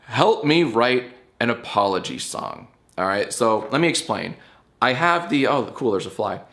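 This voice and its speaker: A man's voice: medium pitch, sing-song, normal speed, fairly bright tone. Rambling playful man hosting a show. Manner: rambling, playful, explains with repeated "all right?". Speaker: YouTube show host. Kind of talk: casual talk to camera.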